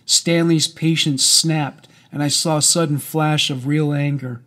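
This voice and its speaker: A man narrating a memoir in a measured, somber way. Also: on the high side, fairly even intonation, a bit bright. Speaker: audiobook narrator.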